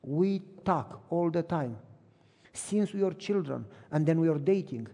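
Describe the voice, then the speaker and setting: A middle-aged male pastor preaching in a large hall, his voice carrying a long reverb. He speaks in a fairly high, slightly husky tone, telling stories with animation. He playacts both sides of remembered conversations. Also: unhurried. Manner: animated storytelling, acts out both sides of phone calls. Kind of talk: sermon with personal stories.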